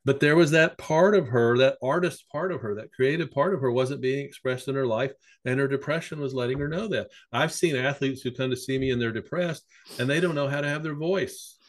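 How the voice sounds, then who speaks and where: A man's voice: medium pitch, a little fast. A middle-aged man, a psychotherapist, telling long anecdotes in a casual conversation. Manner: rambling storyteller, lively anecdotes. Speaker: psychotherapist guest.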